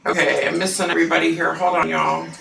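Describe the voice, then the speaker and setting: A woman hosting a psychic livestream, chatting casually with viewers and laughing often; her voice sounds unusually deep through the mic. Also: little pitch movement, quick pace, vocal fry, fairly bright tone, reverberant, distant mic, slight background noise, low-quality recording.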